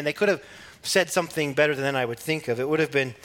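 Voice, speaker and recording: A preacher teaching from the Bible in a relaxed, conversational way, with small laughs and restarts. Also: male voice, a little high, fast talker, hardly any pauses.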